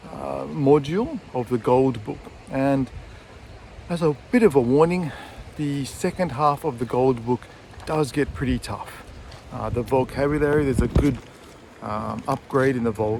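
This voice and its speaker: A man's voice: medium pitch, gravelly, a little mellow, a little hiss or hum. A man, an English teacher, giving a casual, chatty video lesson outdoors by a river while walking his dog, with fillers and self-corrections. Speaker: English teacher and textbook author.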